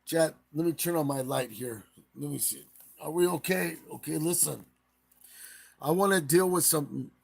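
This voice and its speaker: Gravelly, husky man rambling live. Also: a little high, normal speed. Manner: rambling retelling with acted quotes. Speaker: live-stream host. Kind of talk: casual live commentary.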